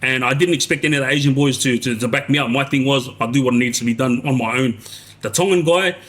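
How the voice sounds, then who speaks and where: A man's voice: mid-range voice, quick pace, a bit bright. A man tells a long story on a casual live stream, restarting sentences and tagging them with "yeah?". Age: 40s. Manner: rambling, restarts, frequent tag "yeah?". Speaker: live streamer recounting prison life.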